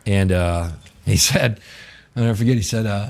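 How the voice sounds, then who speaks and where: A man's voice: fairly low pitch, unhurried, gravelly, faint music behind. A middle-aged man from New Orleans with a New Orleans accent, a chef telling stories in casual, profane, rambling talk full of "you know.". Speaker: chef telling his story as a guest. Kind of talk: casual storytelling.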